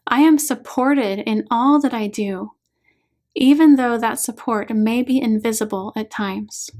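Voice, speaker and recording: Slow, calm woman reading an audiobook. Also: a little high. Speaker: author reading her own book. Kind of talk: audiobook narration.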